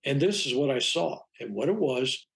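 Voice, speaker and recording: An older man, a reverend, tells a long personal story during an interview. His mid-range voice is animated, creaky and slightly bright, moving at a moderate pace. He rambles, acts out the quoted dialogue, and restarts often.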